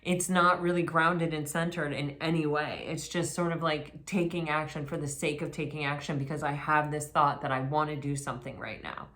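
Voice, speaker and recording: A woman with a low-pitched voice talks through a tarot reading. She rambles casually and often restarts her sentences. Now and then she breaks into excited exclamations. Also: normal speed, few pauses. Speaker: tarot reader.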